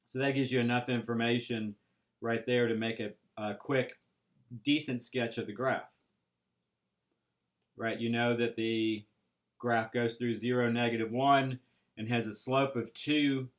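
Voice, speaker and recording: A man's voice: mid-range voice, level tone, unhurried, pauses often. Man giving a patient algebra lecture. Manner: patient, explanatory, with frequent "uh" and "right?". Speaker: math instructor. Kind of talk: recorded classroom lecture.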